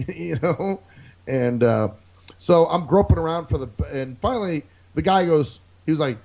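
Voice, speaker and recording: A man's voice: on the high side, animated, normal speed, creaky, darkish tone. A man co-hosting a casual podcast, telling a profane story and acting out other people's lines. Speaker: podcast co-host. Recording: dull lo-fi recording.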